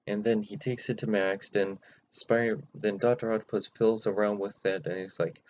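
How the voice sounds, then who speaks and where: A man casually recapping cartoon episodes without a script, rambling and halting with many restarts, in a dull lo-fi recording. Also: lowish voice, steady tone, darkish tone. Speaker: channel host recapping episodes. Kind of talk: unscripted recap. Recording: dull lo-fi recording, faint noise.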